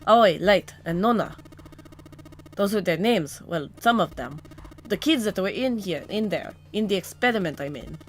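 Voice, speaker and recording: A woman's voice: medium pitch, lively intonation, natural voice. Girl doing a rattled ex-cop who lost his memory, stumbles over words, faint music under it. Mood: urgent. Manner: halting, searching for words. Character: grown man, a troubled amnesiac ex-cop. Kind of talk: reading a visual novel aloud.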